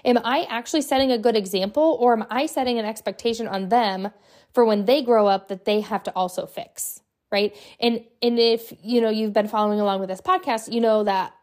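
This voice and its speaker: A woman's voice: fairly high pitch, a little fast, darkish tone. A young adult woman hosting her own podcast, talking casually and often tagging her sentences with "right?" and "like". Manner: chatty, lots of "right?" and "like" fillers. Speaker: podcast host. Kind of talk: casual solo podcast talk.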